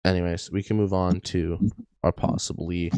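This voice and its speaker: A man's voice: deep voice, level tone, moderate pace, darkish tone, clean tone, no room sound. A young man co-hosting a podcast, telling a story in a joking, rambling way and often saying "anyways". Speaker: podcast co-host. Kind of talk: casual storytelling chat.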